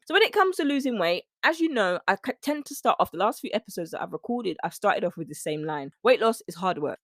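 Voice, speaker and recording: A woman's voice: medium pitch, no room sound. A chatty woman hosts her own podcast, swooping up and down as she wanders into playful asides. The sound is dry and close. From United Kingdom. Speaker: podcast host and nutrition coach. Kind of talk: solo podcast monologue.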